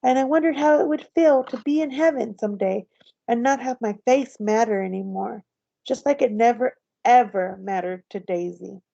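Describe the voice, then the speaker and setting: Gentle woman reading a story aloud. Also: fairly high pitch, moderate pace, creaky, no room sound. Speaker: teacher. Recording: slightly dull, dry recording.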